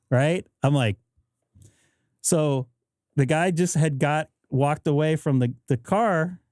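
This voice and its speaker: A man's voice: a little high, slow pace, a little mellow, dry recording, clean studio sound. A man hosting a live stream, chatting casually and acting out both sides of a story. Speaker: host. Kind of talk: casual chat. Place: home radio shack.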